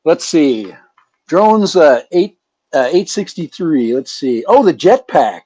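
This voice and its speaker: Male channel host, loose joking chat, a bit high, very dry and close. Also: big pitch swings, slow, dark tone, breathy edge, no echo. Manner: rambling, joking, chuckling. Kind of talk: casual live chat. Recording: dull lo-fi sound.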